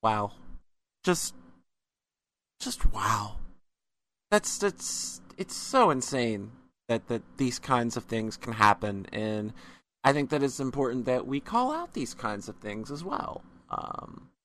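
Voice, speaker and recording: A man hosting a podcast, talking casually in a halting, stammering way with many repeated words. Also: medium pitch, expressive, a bit bright. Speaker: podcast host.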